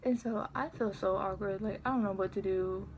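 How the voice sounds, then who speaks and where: An eighteen-year-old woman casually telling a story on her vlog, chatty and animated as she acts out what was said. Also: medium pitch, normal speed, background noise. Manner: chatty, animated retelling with quoted dialogue. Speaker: vlogger.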